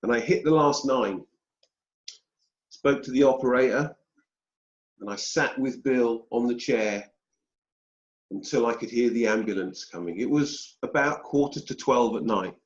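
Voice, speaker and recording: A British man telling a personal story as an interview guest, slow and deliberate with pauses. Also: medium pitch. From United Kingdom. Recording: dull roomy sound.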